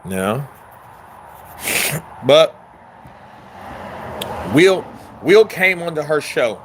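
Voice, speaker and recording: A man's voice: fairly high pitch, very animated, drawn-out words, slight background noise. A man hosting a casual boxing chat, talking loosely and profanely in a rambling street style and answering viewer questions. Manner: answers viewer questions, acts out quotes with voice shifts. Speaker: boxing commentary host.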